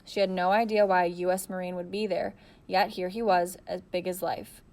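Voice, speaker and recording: A woman narrating a novel with steady storytelling. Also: fairly low pitch, moderate pace. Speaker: audiobook narrator. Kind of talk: audiobook narration.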